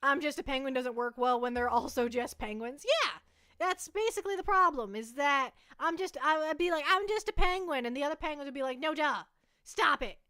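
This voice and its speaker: A woman's voice: sits high, lively intonation, brisk, sharp tone, no room sound, clean studio sound. A young woman chatting casually on a livestream, rambling playfully and restarting her sentences.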